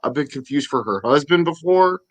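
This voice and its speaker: A man's voice: a little high, lively intonation, fairly quick, a bit bright. A man in his thirties co-hosting a casual chat, joking, swearing and laughing often. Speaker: co-host.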